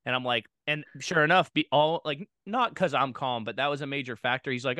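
A man co-hosting a podcast, an animated storyteller who acts out what people said. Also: mid-range voice, fairly quick, hardly any pauses, no echo. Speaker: podcast co-host, diving coach. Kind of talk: podcast interview.

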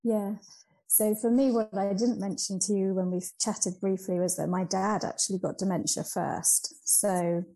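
A woman's voice: medium pitch, steady tone, normal speed, warm tone, low-quality recording. A woman, a change coach talking as a guest, reflective and hesitant with frequent ums. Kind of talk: conversational interview.

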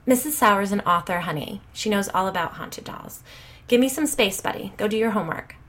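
Woman doing a loud, foul-mouthed gossipy mom, pitched up, blunt. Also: close to an everyday voice. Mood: breezy. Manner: blunt, swearing, rapid gossipy.

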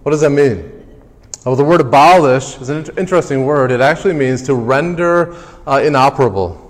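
A man delivers a sermon as pastor, pushing his voice up on key phrases and then dropping it low and quiet. His voice is of medium pitch for a man. It rings out with the long reverb of a large hall. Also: a little fast. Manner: emphatic preaching, climbs louder and higher on key phrases then drops low.

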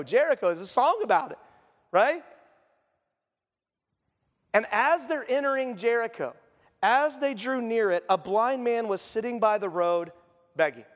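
Pastor, male, high voice, chatty preaching style, long church-hall reverb. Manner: asks the congregation questions and acts out quotes. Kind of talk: conversational sermon.

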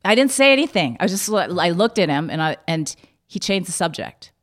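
A woman telling a personal story in a candid, halting way, with many restarts. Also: fairly low pitch, sing-song.

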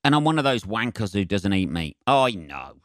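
A young man rambles through a solo podcast, chatty and full of swearing. His voice sits fairly low and comes across smooth and clean. It sounds close and dry, with no room around it. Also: big pitch swings, normal speed, dry recording. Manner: sweary, chatty, self-mocking. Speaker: podcast host.

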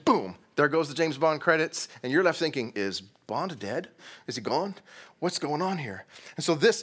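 A man from Texas preaching a sermon, telling a story with energy and asking his listeners questions. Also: fairly high pitch. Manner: animated storytelling, asks the congregation questions. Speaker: pastor.

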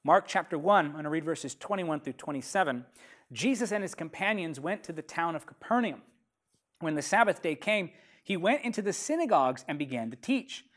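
An emphatic preacher delivering a sermon in a steady, rhythmic cadence. Phrases are repeated for effect, and the pace drops sharply whenever a key point lands. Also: mid-range voice. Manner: slows down sharply to stress key lines.

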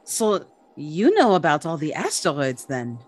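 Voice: mid-range voice, unhurried. A player doing a sugary, scheming young alien woman. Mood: sweetly scheming. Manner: sweet, flattering, performatively cute.

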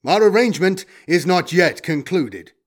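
A man voicing a cold, mechanical battle robot with a rasping voice. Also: high-pitched, animated, moderate pace, pitched above the performer's own voice. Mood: flat.

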